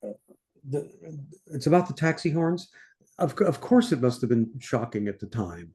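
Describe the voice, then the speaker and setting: Older man, mellow, sings score lines. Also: mid-range voice, sing-song. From United States. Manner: sings orchestral lines in scat syllables between explanations; unhurried, thinking aloud with fillers. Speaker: conductor teaching a masterclass. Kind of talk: score-study masterclass talk.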